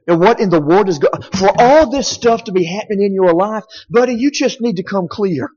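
A man's voice: high voice, animated, fairly quick, darkish tone, voice pushed up. A man voicing a blunt, chummy friend who accuses someone of wrongdoing in a sermon retelling. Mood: accusing. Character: Job's nosy, accusing male friends. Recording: dull sound in a reverberant hall.

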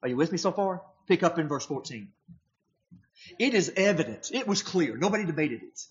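A male preacher delivering a sermon in an emphatic manner, often turning his points into rhetorical questions. His voice sits a little high for a man. The recording is dull and lo-fi. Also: lively intonation, a little fast.

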